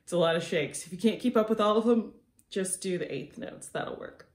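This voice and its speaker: A woman's voice: medium pitch, fairly quick, a little mellow, reverberant. A young woman teaching a children's music lesson, upbeat and encouraging, counting beats aloud. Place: room at home.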